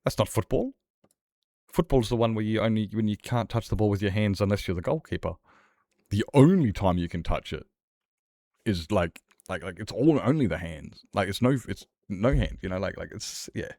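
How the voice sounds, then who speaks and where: Man, very low voice, streamer, casual ranting chat, playful. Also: lively intonation, normal speed, a little mellow, dry recording, clean studio sound.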